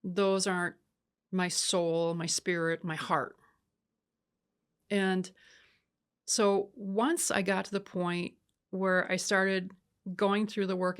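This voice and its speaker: Woman coach on a podcast, mid pitch, chatty and animated, acts out what people said, keeps saying right?. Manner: animated storyteller who acts out quoted dialogue; emphatic lists and repeated "right?". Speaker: podcast guest, leadership coach. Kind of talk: conversational podcast interview.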